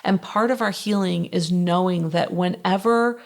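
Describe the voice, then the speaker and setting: A woman hosts a relaxed podcast, drifting into stories with plenty of fillers and small laughs. Her voice sits low and has a gravelly fry to it. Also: moderate pace. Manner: chatty storyteller, many fillers and laughs. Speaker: podcast host. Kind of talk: casual chat.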